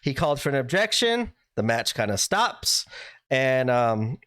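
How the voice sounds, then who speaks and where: A man co-hosting a podcast, recapping events in a lively way and acting out what people said. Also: mid-range voice, measured pace, no echo. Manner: animated storytelling, acts out quotes. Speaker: podcast co-host.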